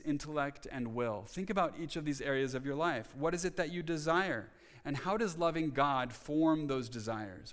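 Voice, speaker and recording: Male pastor, earnest sermon, many restarts, slightly higher voice, long hall reverb. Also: fairly bright tone. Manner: earnest, restarts often, rising to emphatic.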